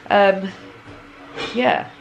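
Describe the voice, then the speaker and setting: A woman's voice: medium pitch, huge pitch swings, very slow, slight background noise. Woman in her thirties, chatty home vlogger, rambling and giggly, slightly stuffy with a cold. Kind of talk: casual chat. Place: home kitchen.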